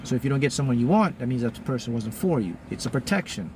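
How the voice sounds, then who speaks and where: A man at an everyday middle pitch talks to his audience like a motivational teacher. He repeats his key lines and suddenly pushes his voice up into loud, high bursts before settling back. A faint hum of traffic sits far behind him. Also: very animated, fast, few pauses. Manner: emphatic and repetitive, often jumping to loud, high bursts. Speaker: manifesting teacher. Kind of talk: motivational talk to a live audience.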